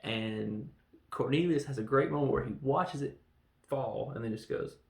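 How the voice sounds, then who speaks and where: A man chats through a film review in an excitable, rambling way, breaking into quick acted lines. His mid-range voice carries a gravelly edge. The recording sounds roomy and echoey. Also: mid-range voice. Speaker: podcast host reviewing a film. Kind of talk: casual film review chat.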